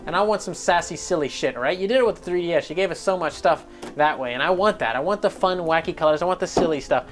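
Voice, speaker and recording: A man hosting a gaming news show in a casual, profane, animated rant. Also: a little high, quick pace, music in the background.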